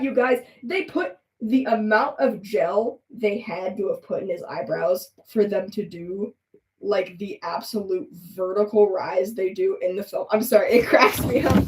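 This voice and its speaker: A woman's voice: mid-range voice, distant mic. A young woman chatting casually and rambling with giggles while she draws on a live stream. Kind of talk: casual chat while drawing. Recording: echoey room, voice off-mic.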